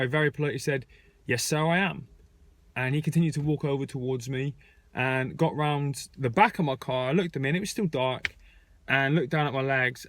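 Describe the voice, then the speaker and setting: A man's voice: medium pitch, no room sound. A young man in a frank, conversational rant, telling a story to his viewers. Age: young adult. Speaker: vlogger. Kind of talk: casual spoken rant. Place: airport terminal.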